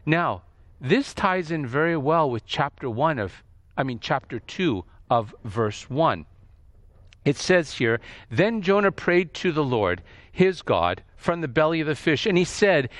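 A man preaching a sermon with a lively, swooping delivery, reading scripture and commenting on it. His voice sits a little high for a man. The recording is dry and close, with no room sound. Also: measured pace, no echo.

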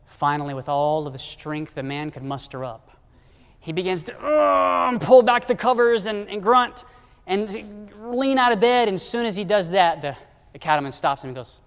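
A man with a high voice preaches in a big church hall with a long reverb tail. He tells his story by acting out the characters, going hushed and low for one and climbing loud and high for another. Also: animated, normal speed. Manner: shifts to soft low tones for quoted characters, rising to loud high emphasis. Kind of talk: sermon storytelling.

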